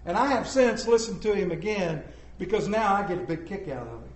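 A male pastor delivers a folksy, animated sermon, mixing humor with earnest warnings. His voice sits high for a man. The sound rings around a roomy, echoing church. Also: fairly quick. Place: church sanctuary. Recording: echoey church room.

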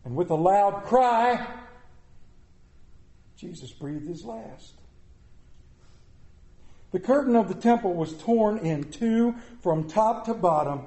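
A middle-aged man preaching a sermon, with dramatic pauses and repetition. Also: fairly high pitch, dark tone. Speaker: pastor. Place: church sanctuary. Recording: echoey room.

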